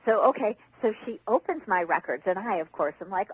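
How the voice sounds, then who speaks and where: A woman tells stories in a lively, swooping voice and laughs often as she talks. Her tone is slightly husky. She comes through a thin phone-line connection. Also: medium pitch, fairly quick, no echo. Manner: animated storyteller, laughs often. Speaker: guest author and teacher. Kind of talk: casual interview talk.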